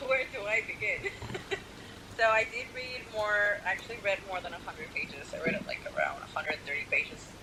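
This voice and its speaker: A woman's voice: medium pitch, steady tone, normal speed, background noise. A woman chatting casually as a guest in a vlog, giggly and candid. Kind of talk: casual chat.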